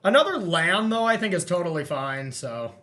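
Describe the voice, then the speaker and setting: A man hosting a card game session, thinking aloud as he counts and checks his plays in relaxed, self-amused commentary. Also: sits high, normal speed. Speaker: host playing a card game. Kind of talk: casual gameplay commentary.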